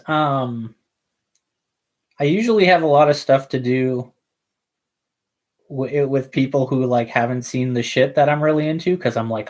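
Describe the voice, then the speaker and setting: A man's voice: medium pitch, a little slow, pauses often, a little mellow. A young man chatting casually and rambling while he paints, laid-back and slangy, with loose asides. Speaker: model painting streamer.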